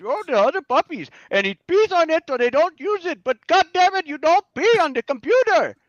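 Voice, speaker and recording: A man's voice: extremely high pitch, very animated, brisk, no room sound, highs cut off. A man in casual chat who teases his partner in joking banter over an online call.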